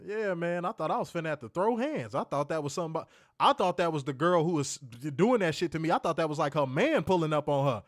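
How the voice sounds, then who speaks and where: Male podcast host with a slightly high, very lively voice, profane and quick to laugh. Dry, close recording. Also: no room sound. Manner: animated, profane, laughing often. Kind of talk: casual storytelling chat.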